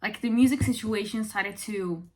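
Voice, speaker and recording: A young woman from Italy talking casually to her viewers as a vlogger, expressive and chatty with lots of fillers. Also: mid-range voice, moderate pace. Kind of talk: casual chat to camera.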